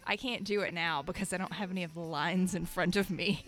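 A woman from Michigan in casual chat as a podcast co-host, animated and playful, laughing often. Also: fairly low pitch, brisk, soft background music. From Michigan, United States.

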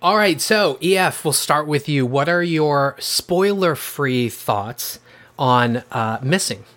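A man's voice: on the high side, expressive, takes it slowly, fairly bright tone. A man hosting a movie podcast in casual chat, easygoing and laughing as he asks his guests questions. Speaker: podcast host.

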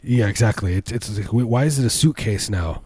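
A man with a low, mellow voice riffs through absurd stories in a casual comedic chat. He restarts his sentences often and breaks into squeaky voices when quoting people. The sound is close and dry. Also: fairly quick, husky, no room sound. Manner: rambling, absurd storytelling with many restarts; jumps into high squeaky voices for quoted people.

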